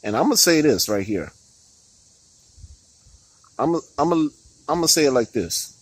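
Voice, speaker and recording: A man's voice: a little high, sing-song, measured pace, no room sound, rough recording. A man giving heated, profane political commentary on his vlog, often stopping to laugh and restarting his words.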